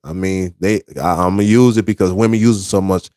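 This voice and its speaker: A man's voice: sits low, fairly even intonation, brisk, warm tone. A man giving relationship advice to other men in an emphatic, preachy monologue, repeating his points. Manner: emphatic, repetitive, street-preacher cadence.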